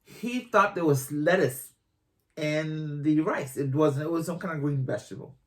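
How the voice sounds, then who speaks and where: Her deep voice at normal speed, a Boston-accented woman in her 50s chats casually on her couple's channel. She often laughs while teasing her husband.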